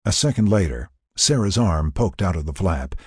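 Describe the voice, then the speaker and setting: A low-pitched man reads a story aloud with lively, swinging intonation. His tone is very husky and breathy, recorded close in a dry space. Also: normal speed, no echo. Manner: expressive, storytelling. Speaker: narrator. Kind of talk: audiobook narration.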